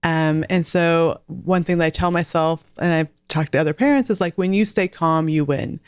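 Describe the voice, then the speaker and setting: A woman in her forties talks earnestly and chattily as a podcast guest, laughing lightly now and then. Her voice sits low and sounds smooth and clear. The sound is dry and close. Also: moderate pace, darkish tone, no echo. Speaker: guest author and homeschool mom. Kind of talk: casual podcast interview.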